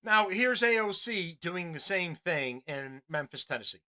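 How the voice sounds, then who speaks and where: A man hosting a podcast, ranting angrily with lots of profanity and restarts. His voice sits a little high and sounds bright and forceful. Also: expressive, unhurried. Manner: angry, crude, rambling. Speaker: podcast host. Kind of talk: profane political rant.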